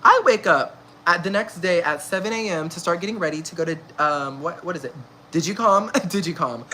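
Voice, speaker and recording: A woman's voice: lowish voice, a little fast, sharp tone, a little hiss or hum. A young woman in her early twenties telling a messy gossip story in casual chat, slangy and laughing often. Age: young adult. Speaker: vlogger.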